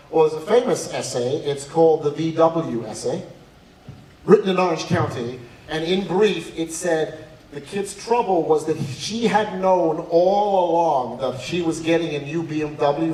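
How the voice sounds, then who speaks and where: Addressing students and parents at a school night about college admissions, a man tells animated, humorous stories without hurrying. His voice is fairly high, and he sounds distant from the microphone in an echoey hall with faint background noise.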